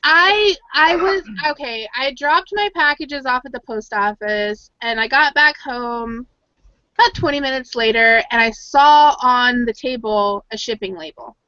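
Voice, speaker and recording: Chatty bright-voiced woman storyteller. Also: a little high, measured pace, no echo. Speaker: podcast co-host. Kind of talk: casual chat. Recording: dull lo-fi audio.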